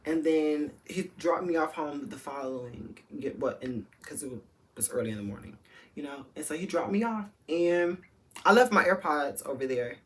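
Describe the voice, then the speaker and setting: A man's voice: a little high, animated, normal speed, fairly bright tone. A man vlogging a candid storytime, campy and sassy, speaking straight to his viewers in loose slang. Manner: campy, sassy, full of slang and frank talk to the audience.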